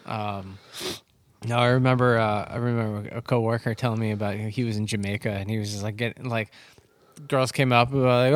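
Animated man telling a story. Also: mid-range voice, fairly quick, no room sound. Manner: animated anecdote teller, acts out voices in stories. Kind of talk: casual conversational storytelling.

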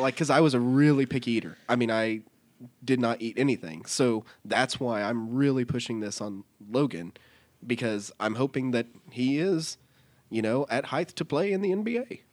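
A man's voice: mid-range voice, moderate pace. A man in his thirties co-hosting a podcast, telling stories in a casual chat, acting out voices and laughing often. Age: 30s. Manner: animated storyteller, acts out voices, laughs often. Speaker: podcast co-host.

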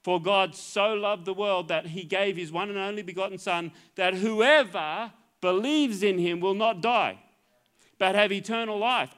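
Australian man, middle-aged pastor, high voice, earnest sermon, repeats and restarts phrases. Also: fairly bright tone, clear, resonant tone. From Queensland, Australia.

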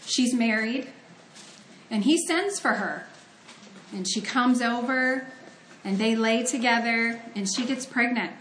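A preacher from Ohio delivers an earnest, conversational sermon, weaving scripture readings together with personal stories. Her fairly high voice is slow and a bit bright, recorded in a roomy space with a little hiss or hum.

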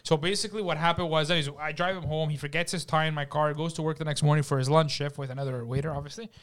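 Guy hosting a podcast, slightly high voice, swears a lot telling a story. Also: fairly even intonation, quick pace, fairly bright tone. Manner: profane, joking storyteller. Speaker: podcast host. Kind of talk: casual chat.

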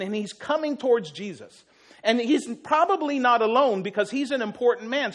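A male pastor preaching a sermon, telling the story vividly and acting out the quotes. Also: very high voice.

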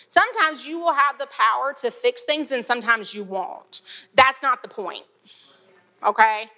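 A woman's voice: fairly high pitch, moderate pace, pushed and bright. A woman teaching a Bible passage in a chatty, casual way, laughing and using frequent fillers.

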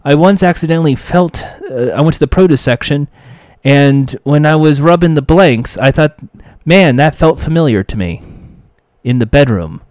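A man's voice: fairly high pitch, lively intonation, moderate pace, darkish tone, no echo, clean studio sound, lightly acted. A man impersonating a dignified, chatty British game show host, with a British accent and rambling, upbeat patter. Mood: cheery.

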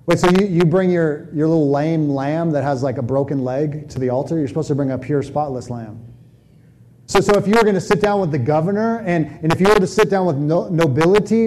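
A man preaching a sermon in a conversational, animated way, often restarting his phrases. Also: on the high side, poor audio. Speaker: pastor.

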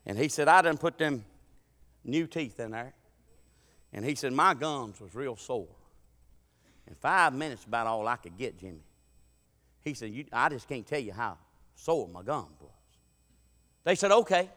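A man preaching a sermon with humorous stories, folksy and full of dialect, swinging from loud preaching to quiet asides. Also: medium pitch, animated, unhurried, long pauses. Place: church sanctuary. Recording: reverberant church sanctuary.

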